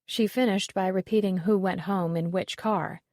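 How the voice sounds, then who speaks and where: A woman reading a mystery novel aloud as an audiobook narrator, in an even, steady manner. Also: mid-range voice, moderate pace, dry recording, studio quality. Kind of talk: scripted narration.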